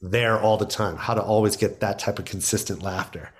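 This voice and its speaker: A man's voice: lowish voice, steady tone, fairly quick. A middle-aged man, a stand-up comedian, telling stories in casual podcast talk, acting out quotes and laughing often.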